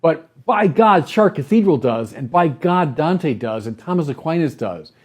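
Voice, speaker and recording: A man's voice: fairly high pitch, animated, normal speed, a little mellow. An older man, a bishop, talking animatedly and emphatically in a podcast conversation, acting out imagined voices in mock quotes.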